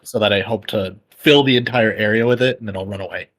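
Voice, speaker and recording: A man's voice: lowish voice, fast talker, fairly bright tone. A man playing a tabletop game, chatting casually and explaining his moves step by step. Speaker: player.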